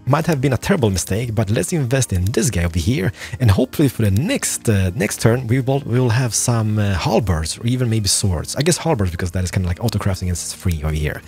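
A young man casually commentating his play through a strategy game, excitable and muttering to himself as he plays. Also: fairly low pitch, quick pace, few pauses, soft background music. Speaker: gaming YouTuber. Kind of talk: gameplay commentary.

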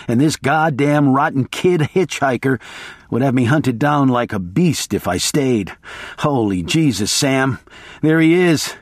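A man's voice: medium pitch, no room sound, clean studio sound. A man giving intense, sardonic first-person audiobook narration.

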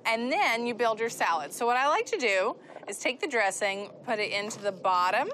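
A woman's voice: on the high side, sing-song, moderate pace, sharp tone, a little hiss or hum. A woman co-hosting a TV cooking show, explaining a recipe in a chatty, upbeat way from a studio kitchen. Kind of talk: TV cooking demo.

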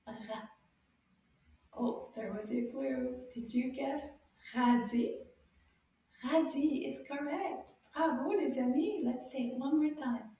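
High, slow, cheery woman teaching children. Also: mellow. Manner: slow, cheerful and encouraging, exaggerated sounds for repetition. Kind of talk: children's language lesson. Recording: very echoey room, mic far off.

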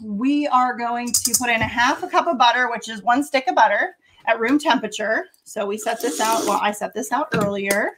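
Middle-aged woman, cooking stream host, talks through each step; higher voice, noisy home kitchen. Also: moderate pace. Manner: explains each step while chatting. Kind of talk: casual cooking livestream chat. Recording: home kitchen with loud background noise.

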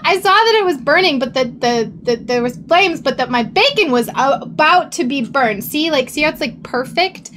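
High-voiced young woman telling a shaky story. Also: moderate pace, hardly any pauses, a little hiss or hum. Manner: animated, rising to panicked shouts and laughter. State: still shaky. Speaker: streamer. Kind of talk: casual storytelling to stream.

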